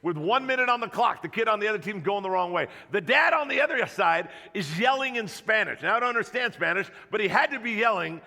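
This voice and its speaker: Middle-aged pastor, animated storyteller, bright and slightly gravelly; sermon mic in a reverberant hall. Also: male voice, sits high, brisk, hardly any pauses. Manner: animated, jokey storyteller acting out voices. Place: church auditorium. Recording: long reverb of a church hall.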